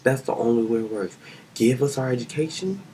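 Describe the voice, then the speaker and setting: A man's voice: medium pitch, lively intonation, fairly quick, warm tone, slight background noise, rough recording. A young man from Kansas delivering a rambling, scolding political rant in a home vlog. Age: young adult. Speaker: vlogger.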